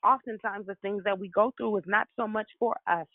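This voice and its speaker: A woman's voice: medium pitch, steady tone, fairly quick, dry recording. A woman preacher delivering a devotional sermon with fervent, repetitive exhortation. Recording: tinny dry phone line.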